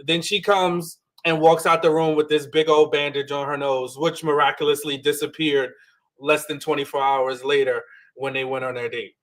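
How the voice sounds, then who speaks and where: A man with a slightly higher voice chats through a reality-show recap. He talks loosely and fast and slips into quoted lines as he goes. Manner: chatty, animated, acts out quoted lines. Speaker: podcast co-host.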